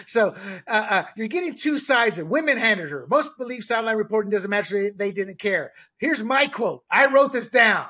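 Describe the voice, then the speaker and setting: A man's voice: sits high, expressive, moderate pace, hardly any pauses, pushed and bright, highs cut off. A man hosting a sports podcast, giving blunt, emphatic opinions in a ranting way. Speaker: podcast host.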